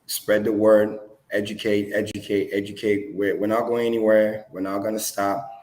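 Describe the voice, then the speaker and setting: Male guest, lower pitch, motivational tone, echoey room. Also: level tone, normal speed, darkish tone. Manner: upbeat, preachy, repeats for emphasis. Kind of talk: motivational livestream talk. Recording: roomy echo.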